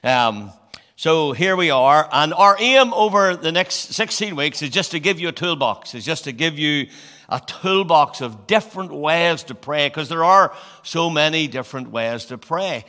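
A man in his sixties preaches in a loose, chatty, storytelling manner, often pausing on fillers and restarting his phrases. His voice sits a little high for a man and sounds bright and forceful. The sound carries a long reverb, like a church hall. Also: animated. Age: 60s. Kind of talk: sermon.

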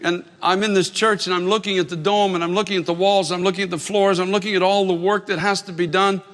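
High, bright-voiced preacher man in a reverberant hall. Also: flat delivery, fast talker. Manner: earnest storytelling preacher, repeating phrases for emphasis. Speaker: pastor. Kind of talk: sermon.

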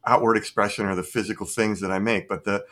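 A man's voice: on the low side, steady tone, fast talker, a bit bright. A middle-aged man talking as a podcast guest, speaking expansively and enthusiastically in a philosophical, reflective way. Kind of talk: reflective conversation.

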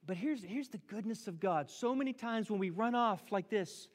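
A middle-aged man preaching a sermon as a pastor, animated, acting out prayers in a raised voice. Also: high-pitched, normal speed. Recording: long reverb of a hall.

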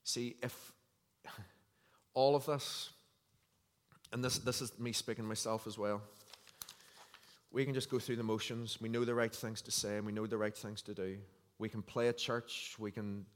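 A man's voice: on the low side, steady tone, moderate pace, long pauses. A man preaching a sermon in an earnest, conversational way, reading scripture aloud. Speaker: pastor. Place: church hall. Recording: long hall reverb.

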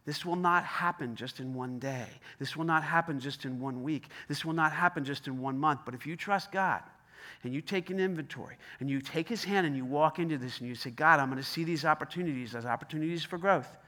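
Bright, high-voiced preaching man. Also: brisk. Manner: emphatic, repetitive, conversational. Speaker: pastor. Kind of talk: sermon.

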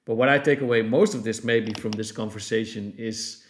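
A man's voice: fairly low pitch, steady tone, moderate pace, slight background noise. A man hosting a podcast interview, speaking in a reflective, appreciative way as he sums up the talk. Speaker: podcast host. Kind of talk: conversational interview.

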